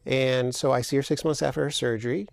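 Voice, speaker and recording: Male surgeon guest, gravelly voice, measured explainer, dry close studio sound. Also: mid-range voice, steady tone, no echo. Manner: measured, explanatory, with frequent fillers. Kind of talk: interview answers.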